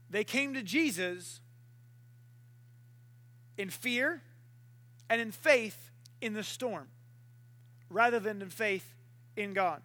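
High-voiced, animated young preacher. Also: male voice. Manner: animated, acts out voices and barking. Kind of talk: sermon.

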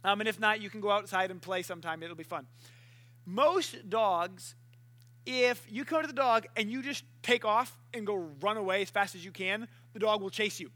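A young man preaching a sermon, animated and playful, acting out voices and barking to make his point. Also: high-pitched.

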